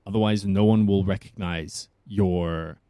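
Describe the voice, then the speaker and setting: A man's voice: sits low, fairly even intonation, unhurried, warm tone, smooth, dry recording, clean studio sound. A young man from South Africa, an actor, talking casually and rambling as an interview guest. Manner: rambling, thinks aloud.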